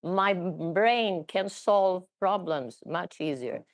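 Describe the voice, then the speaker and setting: A middle-aged woman telling her personal story in a conversational talk, often halting and repeating words. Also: on the low side, expressive.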